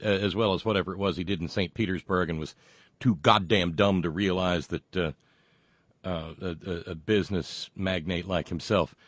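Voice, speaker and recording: A man hosting a podcast alone, rambling and halting through sardonic remarks. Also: low-pitched, no echo. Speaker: podcast host. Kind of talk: casual solo podcast monologue.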